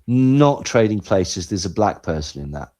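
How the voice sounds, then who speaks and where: A man co-hosting a podcast, talking in animated, sarcastic commentary that swings between loud and quiet. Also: lowish voice, moderate pace. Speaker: podcast co-host. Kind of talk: casual commentary chat.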